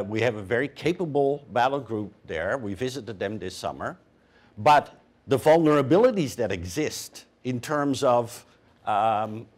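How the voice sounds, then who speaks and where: A man speaking as a panelist, measured and emphatic, pausing with fillers. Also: mid-range voice, slightly rough. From Canada. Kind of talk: panel discussion.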